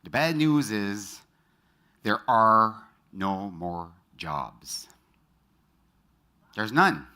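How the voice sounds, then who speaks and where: A middle-aged man speaks from a stage to a live audience, his low voice carrying a bright, forceful edge. He tells personal stories and throws quick questions out to the crowd. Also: expressive. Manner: engages the audience with quick show-of-hands questions; storytelling, personal anecdotes. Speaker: speaker at a motivational talk. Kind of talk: motivational stage talk.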